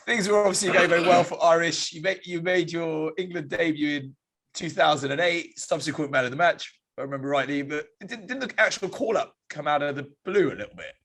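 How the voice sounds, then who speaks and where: Husky-voiced man host asking questions. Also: a little high, a little fast, a bit bright. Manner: conversational, recalls facts while asking. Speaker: podcast host. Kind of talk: interview questions.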